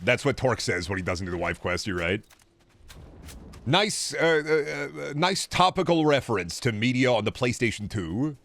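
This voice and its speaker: Man streaming games, sarcastic and lively. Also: medium pitch, normal speed, no echo. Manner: sarcastic, joking banter. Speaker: game streamer. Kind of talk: casual gaming commentary.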